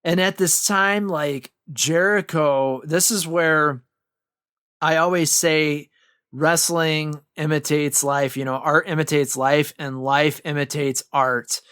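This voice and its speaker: A man's voice: a little high, steady tone, takes it slowly, fairly bright tone, clean tone, no echo. A man co-hosting a home-studio podcast, casually retelling wrestling history with lots of fillers and restarts. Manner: rambling recap with many fillers and restarts. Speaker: podcast co-host.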